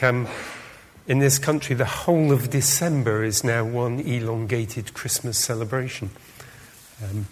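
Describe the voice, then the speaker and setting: A man giving an informal sermon, chatty and hesitant with many ums, speaking directly to his congregation. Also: medium pitch. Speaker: preacher. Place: church. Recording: long church reverb.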